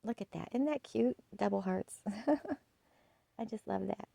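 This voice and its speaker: Woman, home decor vlogger, gushing, soft-spoken, gravelly undertone, dry close sound. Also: medium pitch, takes it slowly, no room sound, rough recording. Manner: gushing and soft-spoken, often dropping to a hush. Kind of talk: casual shopping haul chat.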